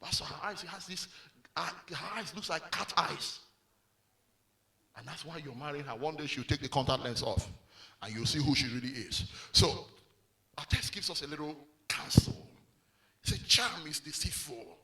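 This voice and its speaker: A male pastor preaching a sermon, animated and full of call-and-response prompts to the congregation. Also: on the high side, normal speed, vocal fry.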